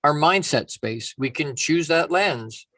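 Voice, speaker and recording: A man giving a casual motivational talk, animated and storytelling, acting out little quoted voices. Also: fairly high pitch, takes it slowly, no echo. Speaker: motivational speaker.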